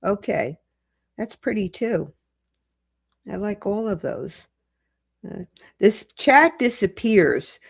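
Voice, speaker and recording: A middle-aged woman hosting a livestream, chatting casually with viewers as she reads comments and slowly sounds out foreign greetings. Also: fairly low pitch. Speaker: legal commentator and livestream host.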